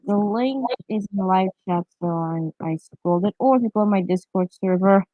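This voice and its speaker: A woman's voice: medium pitch, moderate pace, no echo. A woman streaming live talks to her chat in a casual, offhand way. Her mic sounds dull and lo-fi, with a dry, close feel and no room.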